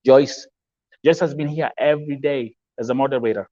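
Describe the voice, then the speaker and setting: A man's voice: mid-range voice, fast talker, mellow, no echo, highs cut off. Emphatic Kenyan man hosting a livestream. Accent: Kenyan English. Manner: emphatic, repeats himself, switches to Swahili phrases. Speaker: talk show host. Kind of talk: live-stream talk show, reading viewer comments.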